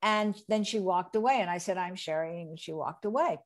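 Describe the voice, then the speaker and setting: A woman's voice: on the low side, a little fast. Woman from New Jersey telling stories. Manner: lively anecdote telling, acting out quoted people. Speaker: interview guest, re-recording mixer. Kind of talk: casual storytelling interview.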